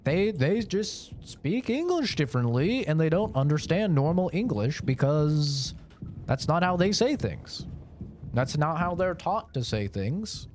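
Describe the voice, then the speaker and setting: A man streaming a horror game, rambling with animated, profane commentary. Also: fairly high pitch, a little slow, a little hiss or hum. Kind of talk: live gameplay commentary.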